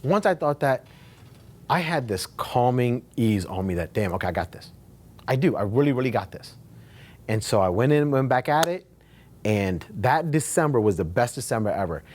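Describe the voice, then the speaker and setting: A man telling his own business story at a meetup in a casual, animated way, casually swearing and repeating himself for emphasis. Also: mid-range voice, normal speed, a little hiss or hum. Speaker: real estate agent sharing his story.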